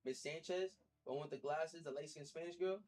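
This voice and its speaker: Husky-voiced man talking earnestly. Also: a little high, fairly quick, darkish tone, rough recording. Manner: earnest, rambling, repeats himself. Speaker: vlogger. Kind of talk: casual personal talk to camera.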